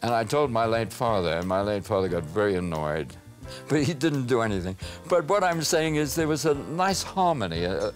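An older man with a South African accent, telling stories from his childhood and career in a lively way. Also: on the low side. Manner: lively storytelling, mimics voices. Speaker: radio personality. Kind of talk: reminiscing interview.

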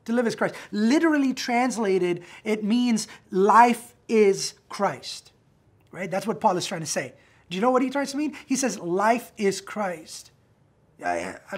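Male pastor, husky, lively sermon delivery, talks straight to the congregation with frequent "right?" check-ins. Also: high voice. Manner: animated, acts out quotes, frequent "right?" tags.

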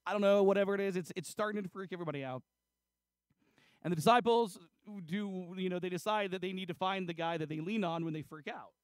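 A man's voice: sits high, fast, clean tone, no room sound. A man preaching a casual, chatty sermon, retelling a story with lots of fillers and acted-out dialogue. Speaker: pastor. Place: church.

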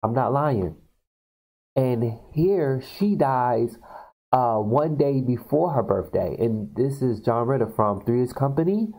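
A man casually retelling film scenes to viewers on his video channel, talking in an animated way with many fillers. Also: medium pitch, takes it slowly, low-quality recording. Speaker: video blogger. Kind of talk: casual storytelling.

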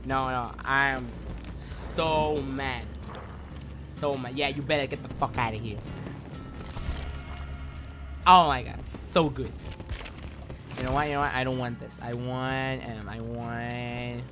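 A man streaming a horror game live, excitable and swearing, swinging between loud outbursts and low muttering, a native Spanish speaker. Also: slow, pauses often. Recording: music playing loudly behind.

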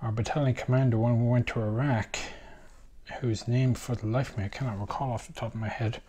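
A tired middle-aged man rambling casually in a deliberately quiet voice while he builds a model kit at home. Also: fairly even intonation, slight background noise. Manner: quiet, deliberately low volume.

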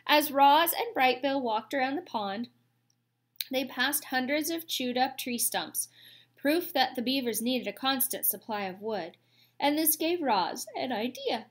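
A woman reading a children's novel aloud, telling the story in a clear, steady way. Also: sits high, unhurried. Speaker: audiobook reader.

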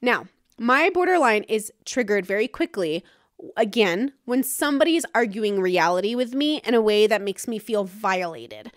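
A woman's voice: mid-range voice, lively intonation, normal speed, no room sound, clean studio sound. A woman hosting her own podcast, talking frankly and casually in a solo monologue, with some swearing. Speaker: podcast host.

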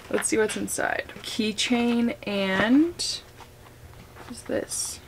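A woman's voice: mid-range voice, slow, background noise. A young woman vlogger chatting casually and gushing while she does makeup and unboxes packages at home. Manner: gushing, chatty, many fillers.

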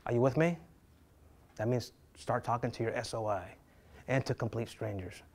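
At a medium pitch and moderate pace, a middle-aged real estate teacher lectures with lively animation. He turns dramatic when portraying panicked agents and banters with his students.

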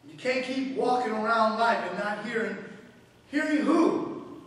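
A man's voice: extremely high pitch, unhurried, fairly bright tone. A man preaching a fervent sermon as pastor, with call-and-response in a church. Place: church sanctuary. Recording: echoey hall from far off.

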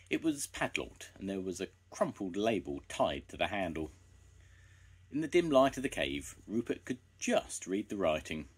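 An older man reading a children's story aloud, gentle and expressive. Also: low voice, husky.

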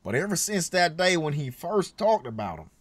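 A man's voice: a little high, big pitch swings, moderate pace, husky, no echo. A man voicing a rural parent worried about his son, in a put-on Southern US country accent, reading game narration aloud in character. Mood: uneasy.

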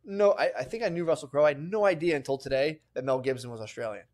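A man co-hosting a podcast in loose, joking chat, talking excitedly and laughing often. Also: a little high. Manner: fast, excited, laughing a lot. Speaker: podcast co-host. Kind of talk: casual chat.

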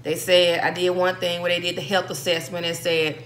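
A woman's voice: on the low side, flat delivery, normal speed, fairly bright tone. A woman, chatting casually as she eats on camera, telling stories with laughing asides. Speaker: vlogger eating on camera. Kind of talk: casual mukbang chat.

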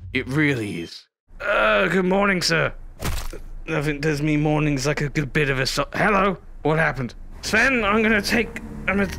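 A man's voice: fairly high pitch, vocal fry, sharp tone. A man giving theatrical, rambling commentary on a VR game while hamming up a drunk character. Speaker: VR gameplay streamer. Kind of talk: comedic VR gameplay commentary.

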